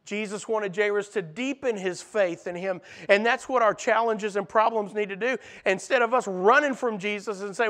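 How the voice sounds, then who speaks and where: High-voiced preaching man, animated. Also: moderate pace, few pauses. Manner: animated preaching, acting out quoted voices, dropping soft for emphasis. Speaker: pastor. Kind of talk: sermon.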